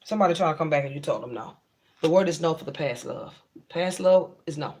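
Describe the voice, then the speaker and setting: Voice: mid-range voice, fast talker, darkish tone. A tarot reader giving a blunt, casual reading to viewers, repeating points and talking frankly in slang. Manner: blunt and repetitive, drives points home.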